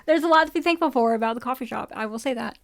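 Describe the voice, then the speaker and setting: A woman co-hosting a casual podcast chat, wry and dry, quick to laugh. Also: a little high, creaky, no room sound. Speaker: podcast co-host.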